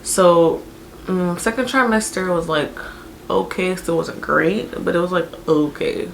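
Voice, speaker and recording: A young woman telling a personal story in a casual, animated, chatty way, with many fillers. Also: fairly low pitch, measured pace, gravelly, slight background noise. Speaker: vlogger telling her birth story.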